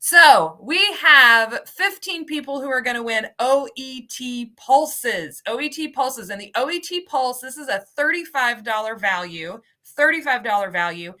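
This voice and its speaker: A woman's voice: on the high side, animated, unhurried, few pauses, pushed and bright. A woman hosting a live webinar, upbeat and cheery, calling out giveaway winners and stumbling over their names. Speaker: host, ESL program coordinator.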